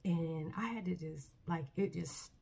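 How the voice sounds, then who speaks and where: Low, husky-voiced woman sharing earnestly. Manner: earnest, halting, soft-spoken with many restarts. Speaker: vlogger. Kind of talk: personal faith testimony, casual talk.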